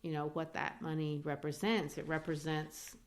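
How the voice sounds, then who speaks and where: A woman's voice: low voice, flat delivery, normal speed. Thoughtful woman discussing literature. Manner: thoughtful, reads quotes aloud with small voice changes. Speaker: podcast co-host.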